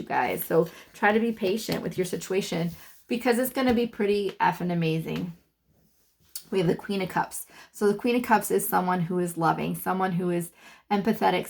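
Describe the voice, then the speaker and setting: A woman's voice: mid-range voice, vocal fry. A woman giving a casual tarot reading to her channel's viewers, chatty and full of fillers as she thinks aloud. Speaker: tarot reader.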